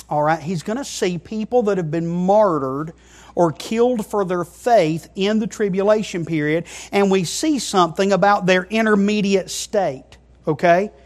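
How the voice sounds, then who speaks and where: A man preaches an emphatic sermon, shifting between quiet asides and loud, stressed phrases and often checking in with the congregation with "okay?" His voice sits high.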